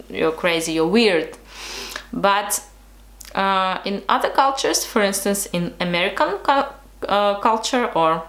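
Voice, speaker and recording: A woman's voice: on the high side, fairly bright tone, reverberant. A young woman from Russia with a Russian accent, chatting casually to camera with hesitant fillers and restarts. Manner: hesitant, lots of fillers and restarts, frequent laughs. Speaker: vlogger.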